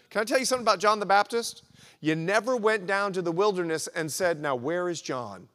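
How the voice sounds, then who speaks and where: A man preaching with a high voice that leaps up and down as he tells the story and acts out the quotes. His sermon rings out in a large hall with a long, trailing reverb. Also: fairly bright tone. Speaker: pastor. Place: church hall at a men's breakfast.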